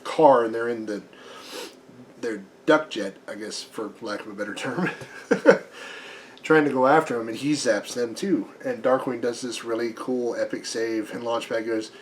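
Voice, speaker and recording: Slightly hoarse chatty man reviewing comics. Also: mid-range voice, moderate pace, a little hiss or hum. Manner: chatty, lots of ums and restarts. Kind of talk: casual spoken review.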